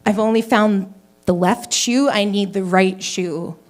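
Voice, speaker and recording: A woman's voice: mid-range voice, a little slow. A woman doing an open mic stand-up set, telling a story in a loose, conversational way with swearing and self-deprecating asides. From Canada. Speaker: stand-up comedian. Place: small comedy venue with live audience.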